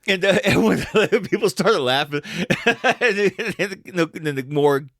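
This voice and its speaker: A man's voice: high-pitched, a little slow, a bit bright, dry recording, clean studio sound. A man co-hosting a casual podcast chat, rambling with restarts and mimicking others' lines. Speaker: podcast co-host.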